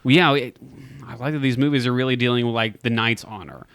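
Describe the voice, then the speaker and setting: A man's voice: mid-range voice, fast talker, a bit bright, clear, resonant tone, dry recording. A young man co-hosting a podcast, chatting casually and enthusiastically about films, with many "like"s. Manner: enthusiastic, fills speech with "like". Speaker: podcast co-host. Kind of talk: casual movie chat.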